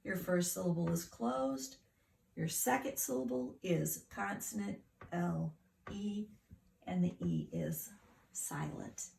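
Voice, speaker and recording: A woman's voice: fairly low pitch, slow pace, vocal fry, darkish tone. A woman teacher giving a phonics lesson to children, patiently sounding words out syllable by syllable.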